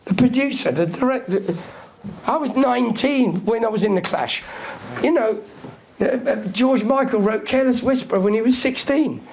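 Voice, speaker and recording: A man's voice: very high voice, normal speed, creaky, darkish tone. A man, telling stories as a guest in a live Q&A. He talks brashly and swears a lot, acting out what other people said. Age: 60s. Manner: profane, brash, acts out quotes of other people. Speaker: interview guest, music figure. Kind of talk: live Q&A storytelling.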